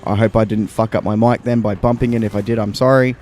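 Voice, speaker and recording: A man's voice: on the low side, fairly even intonation, fast talker, darkish tone, slight background noise. A man with an Australian accent chatting casually over gameplay as co-host, explaining things at length into a close handheld mic. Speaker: gaming podcast co-host.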